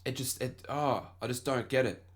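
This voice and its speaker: A man's voice: medium pitch, moderate pace. Profane young Australian man ranting. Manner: profane, rambling storytelling with mocking quoted voices. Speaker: podcast host. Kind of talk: casual ranting monologue.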